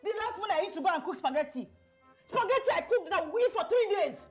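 A woman with a Nigerian Pidgin accent, acting a brash, broke tenant in a comedy skit who scolds loudly and laughs often. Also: medium pitch, big pitch swings, fairly quick, soft background music, close to an everyday voice. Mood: indignant.

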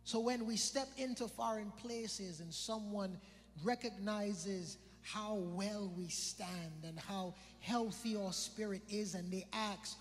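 A man's voice: sits high, slow. A man preaching a sermon, asking his listeners whether they are following along. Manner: asks the audience for responses. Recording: hall reverb with faint music.

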